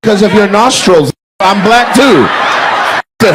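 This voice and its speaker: A man doing stand-up crowd work on a club stage, loud, slangy and laughing as he talks into a handheld mic. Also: high-pitched, expressive, slow pace, noisy background. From Midwest United States. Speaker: stand-up comedian. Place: comedy club stage before a live audience.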